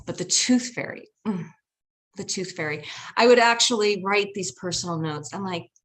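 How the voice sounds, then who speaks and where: A woman in the middle of a live personal story, animated and expressive. She slips into other people's voices and laughs along as she goes. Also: medium pitch, moderate pace.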